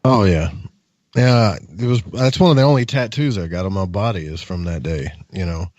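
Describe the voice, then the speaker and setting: A man chatting on a radio show, relaxed and reflective. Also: sits low, moderate pace, no echo, highs cut off. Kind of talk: casual radio chat.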